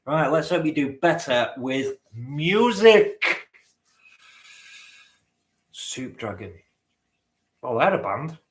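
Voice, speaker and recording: A man's voice: fairly high pitch, animated, takes it slowly, pauses often. A man hosting a live-stream quiz, bantering with the chat, teasing and swearing casually. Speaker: quiz host. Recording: roomy echo.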